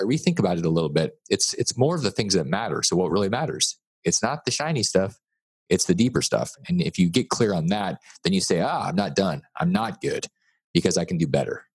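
A man's voice: low-pitched, slightly rough, no echo. A man speaking as a guest author in a podcast interview, emphatic and blunt, repeating his key words.

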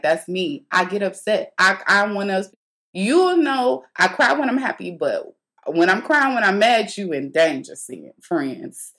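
A woman's voice: lowish voice, fairly bright tone. A young adult woman hosting a podcast, telling a personal story in a candid, chatty way, laughing often and tossing slangy asides to the listener. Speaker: podcast host. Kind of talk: casual storytelling monologue.

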